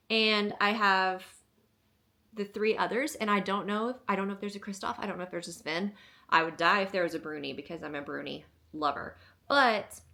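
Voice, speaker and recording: A bubbly young woman gushes through a casual haul video at home. Her talk is full of fillers, and her mid-pitched voice carries a gravelly fry. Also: bright, forceful tone. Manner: bubbly and gushing, many fillers. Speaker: vlogger.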